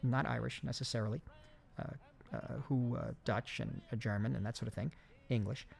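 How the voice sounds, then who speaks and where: A man recording a film commentary, speaking in a halting way with many fillers and restarts. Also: medium pitch, fairly even intonation, vocal fry. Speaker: film director giving commentary.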